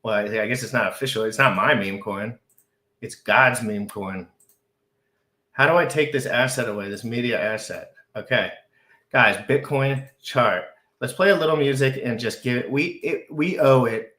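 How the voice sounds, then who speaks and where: A man hosting a live crypto stream, talking frantically, overexcited, with shouts and repeated phrases. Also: medium pitch, moderate pace, echoey room. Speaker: crypto livestream host. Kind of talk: excitable live stream chat.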